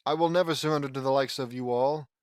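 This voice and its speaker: A man's voice: medium pitch, fairly even intonation, quick pace, smooth, dry recording, clean studio sound, natural voice. A man voicing a boastful, defeated male villain in a fan fiction reading, with defiant boasting.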